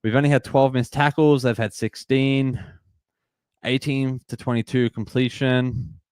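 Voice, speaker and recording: A man in his twenties with an Australian accent, hosting a live sports watch-party stream and chatting excitedly while reading out and greeting viewers from the chat. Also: mid-range voice, a little slow, clean tone, dry recording. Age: 20s. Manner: upbeat, reads and greets chat viewers, repeats phrases. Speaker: livestream host.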